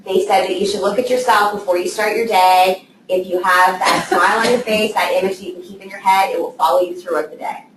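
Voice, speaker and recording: A woman's voice: medium pitch, steady tone, brisk. Woman teaching a class in an echoey room. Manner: conversational, checks in with "okay?". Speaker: trainer for real estate assistants. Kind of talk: casual classroom training talk. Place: training room with a live group. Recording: echoey room, voice from far off, faint noise.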